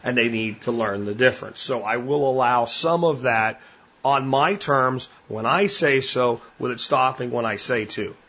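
Blunt husky-voiced man. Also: mid-range voice, normal speed, fairly bright tone, highs cut off. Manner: blunt, plain-spoken. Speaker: podcast host. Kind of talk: casual monologue.

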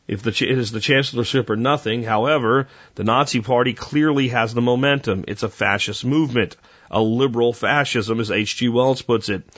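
A man hosting a podcast, reading history notes and breaking off for sarcastic, deadpan asides and quick self-corrections. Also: mid-range voice, muffled recording. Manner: conversational, with small slips and corrections. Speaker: podcast host.

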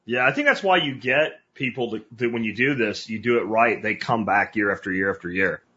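A man hosting a podcast interview, talking in a blunt, animated, casual way with some cursing. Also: on the low side, brisk, slightly rough, highs cut off. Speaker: podcast host.

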